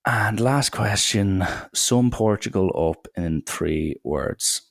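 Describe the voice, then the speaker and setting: A man's voice: fairly low pitch, lively intonation, takes it slowly, gravelly, no room sound, studio quality. A young man hosting a solo podcast, rambling through irreverent banter with plenty of swearing. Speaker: podcast host.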